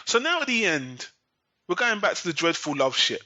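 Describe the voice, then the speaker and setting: A podcast host recaps an episode in a casual rant, sarcastic, profane and exasperated. His voice is high and sing-song, pushed and bright, at normal speed, on a dull, dry lo-fi recording with no room sound.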